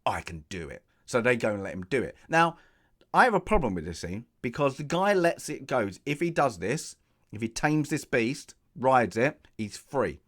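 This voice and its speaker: A man talking through a film in a casual review, his pitch swinging up and down. He is sarcastic and jokey and acts out the characters' lines as he retells scenes. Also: sing-song, normal speed.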